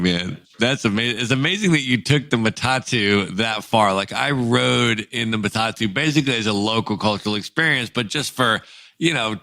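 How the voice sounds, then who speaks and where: A man's voice: on the low side, pushed and bright, no echo. A man hosting a podcast, chatty and enthusiastic, filling his talk with "you know" and "like". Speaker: podcast host. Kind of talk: casual interview chat.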